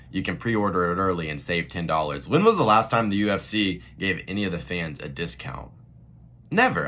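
A man with a low-pitched voice that still carries a bright, forceful edge. He rants bluntly and profanely in a casual vlog, jumping between annoyed griping and animated emphasis as he hosts his own channel. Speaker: MMA commentary vlogger. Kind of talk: casual rant to camera.

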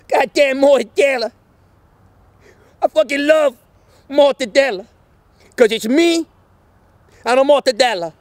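A man's voice: very high-pitched, dry recording, exaggerated voice. An actor playing a brash, boastful wise guy, crude and constantly swearing, in a comedy sketch. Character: brash boastful Italian-American wise guy obsessed with mortadella. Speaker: comic actor.

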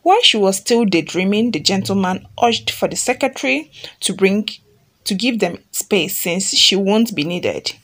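A woman's voice: medium pitch, fairly bright tone, slightly rough. A woman who reads a fan story aloud and then retells it chattily, often checking in with listeners and repeating herself.

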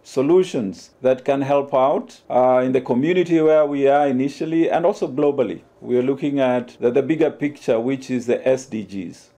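A man, speaking as a university official in an earnest, promotional, measured way during an interview. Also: medium pitch, warm tone, slight background noise. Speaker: university innovation centre official. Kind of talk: on-camera interview remarks.

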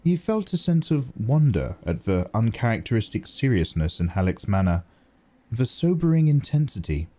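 A man narrating a novel in a steady audiobook reading. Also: mid-range voice, normal speed. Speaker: audiobook reader.

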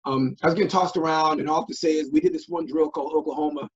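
A middle-aged man from Minnesota telling stories as an interview guest, animated and full of restarts and fillers. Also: fairly high pitch, racing, breathy edge. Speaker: guest, former football player. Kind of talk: casual interview storytelling. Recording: dull lo-fi audio.

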